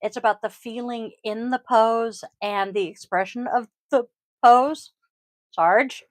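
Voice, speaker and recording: A woman with a voice pitched a little above the usual, hosting a casual podcast and chatting in a loose, rambling way full of ums and throat-clearing. She is recorded at home on a close microphone in a dry, dead room with no echo. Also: steady tone, unhurried. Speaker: yoga teacher and podcast host.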